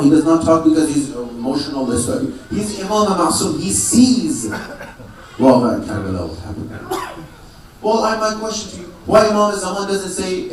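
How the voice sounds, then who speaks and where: A man preaching to a congregation in a strongly echoing prayer hall, caught from a distance with faint room noise behind him. His voice sits a little high. He asks rhetorical questions, answers them himself, and comes back to the same phrases again and again. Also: animated, moderate pace. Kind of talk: religious sermon to a congregation. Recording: echoey hall, mic far off.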